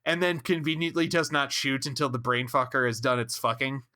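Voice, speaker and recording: A man co-hosting a podcast, excitable and profane, often stumbling over his words. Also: mid-range voice, fairly quick. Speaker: podcast co-host. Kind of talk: casual recap chat.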